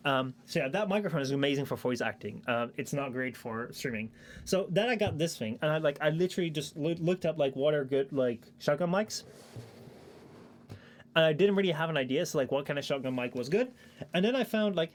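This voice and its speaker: A man's voice: on the high side, a little fast. A young man chatting casually on his stream, rambling with lots of fillers and casual swearing, into a shotgun mic at his home desk. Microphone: shotgun microphone at a streaming desk.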